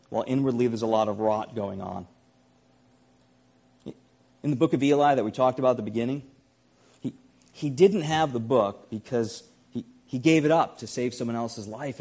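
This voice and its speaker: A man's voice: mid-range voice, mellow, slightly rough. A pastor giving a sermon, earnest and emphatic, often repeating his key phrases.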